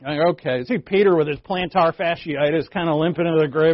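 A man's voice: fairly high pitch, steady tone, fast talker, hardly any pauses, no echo, muffled recording. A man preaching a sermon in a conversational way, often breaking off and restarting with playful asides. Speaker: pastor.

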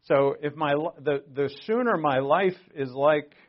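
A man's voice: on the high side, measured pace, lo-fi sound. A man giving a sermon in an earnest, conversational way, stopping to restart and then pressing points with sudden emphasis. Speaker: preacher.

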